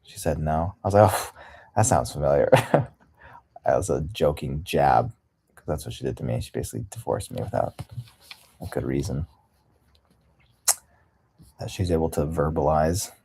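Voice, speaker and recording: A man's voice: very deep voice, expressive, normal speed, vocal fry, pauses often, warm tone, breathy edge. A man hosting a livestream, talking casually and candidly in a rambling way, often laughing. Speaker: livestream host.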